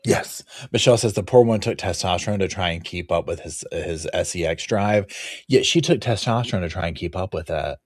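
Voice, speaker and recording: Rambling low-voiced host, dry mic. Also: male voice, brisk, dry recording. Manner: rambling and animated, acts out quotes in a raised voice. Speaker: true crime livestream host. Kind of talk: casual live chat reacting to viewers. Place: home, dogs barking nearby.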